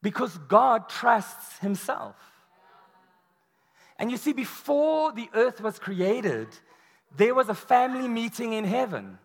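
High-voiced man preaching in a reverberant hall. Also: takes it slowly. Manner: animated storytelling, acts out quoted voices. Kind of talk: sermon. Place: large hall or church.

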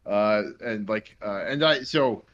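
A man's voice: fairly low pitch, takes it slowly, a bit bright, lo-fi sound. A young man from New Jersey co-hosting a casual podcast, rambling with lots of fillers. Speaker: podcast co-host. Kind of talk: casual chat.

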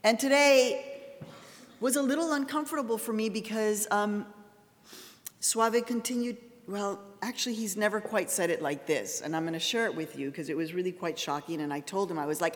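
A woman's voice: medium pitch, expressive, normal speed. A woman giving a public lecture, telling a story in an earnest way and raising her voice for emphasis. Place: large lecture hall. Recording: long hall reverb.

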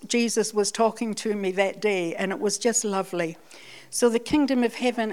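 A Scottish woman giving a sermon, telling a personal testimony in a chatty, self-deprecating way. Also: medium pitch. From Scotland. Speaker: church speaker.

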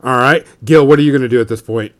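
A man's voice: medium pitch, fast talker, fairly bright tone. A man running a tabletop role-playing game as game master, narrating loosely with lots of fillers.

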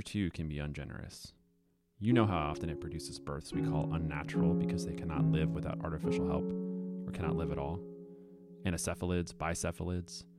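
A deep-voiced, coolly clinical doctor narrates with measured solemnity. He lays out grim facts without flinching. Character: grave older male doctor, coolly clinical. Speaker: film character narrating. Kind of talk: scripted film narration.

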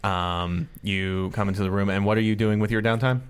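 A man acting as game master, narrating a tabletop role-playing scene in a slow, immersive descriptive way. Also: on the low side, fairly even intonation, clear, resonant tone.

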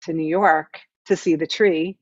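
A woman's voice: low voice, steady tone, a little slow, no room sound. A woman who teaches meditation, explaining her ideas as an interview guest in an earnest, teaching tone and often checking in with "right?". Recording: dull, dry recording.

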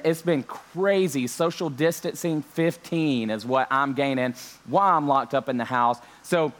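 A young man, a pastor, opening an online church service from home, joking with his viewers and dropping frequent amens. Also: on the high side. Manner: joking, lively preaching with many amens. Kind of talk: online church sermon intro. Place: home during lockdown.

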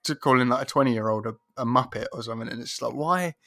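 A man's voice: mid-range voice, quick pace, a bit bright, dry recording. Man, podcast co-host, rambling and sweary, dry close sound. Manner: rambling, sweary, laughs often, mimics film lines. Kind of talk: casual chat.

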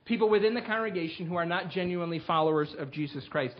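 A man delivers a sermon in a high-pitched voice, addressing his congregation directly and earnestly. He reads scripture passages aloud with growing emphasis. The recording sounds muffled and lo-fi. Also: steady tone, fast, few pauses. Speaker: pastor.

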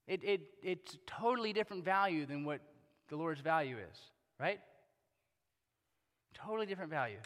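A male pastor preaching in a loose, conversational way, stacking rhetorical questions. His voice sits a little high and rings bright and forceful. It is heard with the long reverb of a large hall. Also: lively intonation, moderate pace, long pauses. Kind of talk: sermon.

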